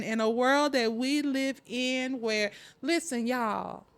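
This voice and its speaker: A woman's voice: sits high, dry recording. A Southern-accented woman in her forties hosting a faith-based motivational talk, talking straight to her listeners and keeps breaking in with "listen". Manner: animated, preachy, talks straight to listeners with lots of "listen, y'all". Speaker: podcast host and life coach.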